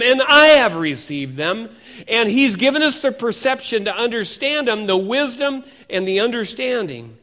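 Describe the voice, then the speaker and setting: High-voiced pastor preaching. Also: male voice. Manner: animated, asks the congregation questions. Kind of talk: sermon.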